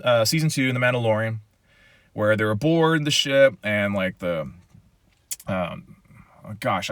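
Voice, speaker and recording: Low-pitched male pastor, casual Q&A, lively and talkative, dry close-mic sound. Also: dry recording. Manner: animated, chatty, says "okay?" often. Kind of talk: casual Q&A chat.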